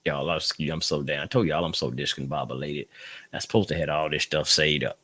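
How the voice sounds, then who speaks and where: A man's voice: rumbling low, steady tone, brisk, bright, forceful tone, no echo. A man hosting a casual livestream podcast, rambling and talking straight to his listeners. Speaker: podcast host.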